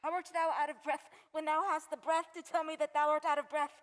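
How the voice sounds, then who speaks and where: A woman playing a young girl in love, impatient and pleading, in a Shakespeare stage reading. The voice is very high. It carries a long hall-like reverb. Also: little pitch movement, brisk, natural voice. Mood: eager, impatient. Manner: pleading, breathless urgency. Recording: long reverb on live stream.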